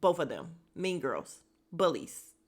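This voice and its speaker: A woman with a deep voice speaks slowly, her pitch swooping wildly, as she hosts a podcast about a reality dating show. Her casual recap is opinionated and blunt, with plenty of swearing, fillers, and side remarks.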